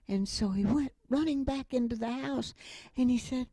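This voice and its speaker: A middle-aged woman giving a motivational talk with stories, speaking slowly and deliberately. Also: medium pitch, mellow, breathy edge, no room sound. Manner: slow and deliberate, with acted quotes. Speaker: inspirational speaker.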